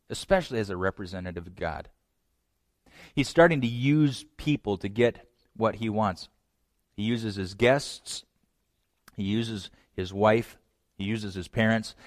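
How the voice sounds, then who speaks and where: A man preaching a sermon, retelling a scripture story with lively acted-out lines and direct asides to his listeners. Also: lowish voice, a little slow, no echo, clean studio sound. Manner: animated storytelling, acts out voices; direct address to young men. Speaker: pastor.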